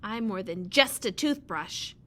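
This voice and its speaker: A tiny, plucky storybook bird who stands up for his friend no matter how small he is, as a woman reading aloud voices him. The tone is a little brighter than a plain reading voice, with slow, careful pacing. Faint noise sits in the background. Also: mid-range voice, animated. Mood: determined. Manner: plucky and determined.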